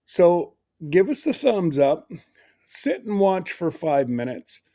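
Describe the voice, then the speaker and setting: An unhurried livestream host talks through the new year, wandering from thought to thought with frequent laughs. The voice rises and falls a lot and stays relaxed throughout. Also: mid-range voice. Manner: rambling, laughs often, greets viewers by name. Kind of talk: casual livestream chat.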